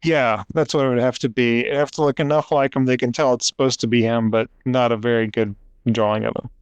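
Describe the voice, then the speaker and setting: Smooth-voiced man co-hosting a podcast. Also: medium pitch, fairly even intonation, fairly quick, dry recording. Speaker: podcast co-host. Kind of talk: casual discussion.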